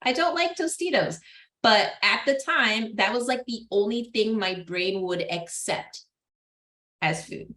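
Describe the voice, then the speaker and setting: A woman lecturing a class in a loose, chatty way, with plenty of fillers and quick laughs between points. Her voice sits at a middle pitch for a woman. The room gives it a noticeable classroom echo. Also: sharp tone. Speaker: psychology lecturer.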